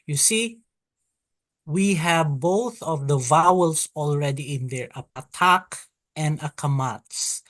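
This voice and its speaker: A teacher running an online Hebrew alphabet lesson over a video call, speaking very slowly and patiently. The teacher repeats each vowel sound for the class and calls on students by turn. The sound is dry and close, with a mid-range pitch. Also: a bit bright, no echo.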